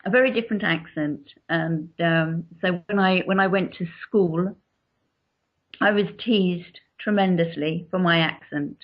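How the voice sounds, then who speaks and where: Southern english woman, author being interviewed, calm explaining, muffled audio. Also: lowish voice. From England. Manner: measured, explanatory. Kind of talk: interview answers. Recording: dull lo-fi recording.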